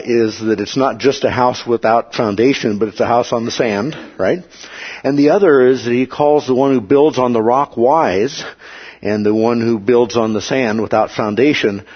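A man with a husky, slightly rough voice teaches a Bible study in a plain, measured manner and pauses often to check that his listeners follow. The recording sounds dull and lo-fi. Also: medium pitch.

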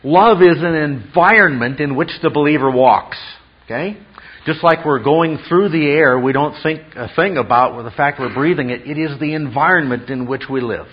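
A man's voice: a little high, normal speed, slightly rough. A man preaching an expository sermon as a pastor, teacherly, often checking in with rhetorical questions. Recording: dull lo-fi sound.

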